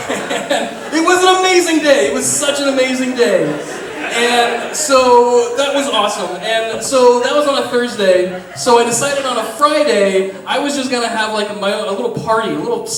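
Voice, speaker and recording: A man telling a funny story before a live theater audience, animated, laughing often and swearing casually. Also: extremely high pitch, moderate pace, noisy background. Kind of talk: live comic storytelling on stage. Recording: echoey theater, distant mic, audience reacting.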